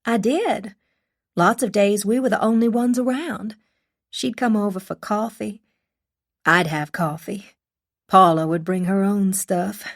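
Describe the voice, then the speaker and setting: A friendly young mother with a strong Southern accent, performed by a female audiobook narrator. She speaks slowly and gently, drawing out her words in a confiding way. Her voice is set a little higher and softer than the narration.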